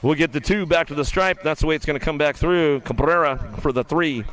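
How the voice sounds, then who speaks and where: A man calling live BMX races play-by-play, rattling off riders' names and positions, then dropping lower and quieter to read results and lineups. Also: a little fast, rough recording. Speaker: race announcer. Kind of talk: live BMX race commentary.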